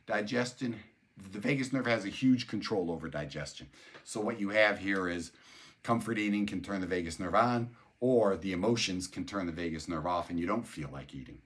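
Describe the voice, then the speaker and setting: An older man talking as a neuroscience educator, conversational and explanatory, repeating words and spelling out terms as he goes. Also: on the low side. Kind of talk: explanatory talk.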